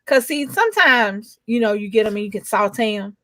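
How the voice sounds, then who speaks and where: A woman's voice: mid-range voice, expressive, normal speed, pushed and bright, no echo. A young adult woman rambling in casual chat, drawling and emphatic as a co-host.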